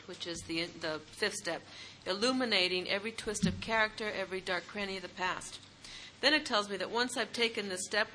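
A woman's voice: medium pitch, bright, forceful tone, a little hiss or hum, low-quality recording. A woman reading aloud from recovery literature at a meeting, with brief asides between passages. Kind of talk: reading aloud with short comments.

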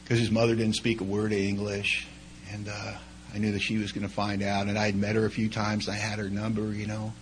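A man's voice: lowish voice, slight background noise, poor audio. A middle-aged man, telling personal stories in a loose, conversational way as a speaker at a recovery meeting. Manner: conversational, chatty with many asides. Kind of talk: storytelling talk.

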